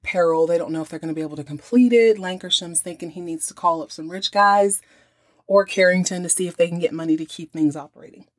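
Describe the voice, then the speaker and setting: A woman's voice: on the low side, no echo. A woman, hosting a podcast and recapping a TV episode in a chatty, opinionated way. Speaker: podcast host.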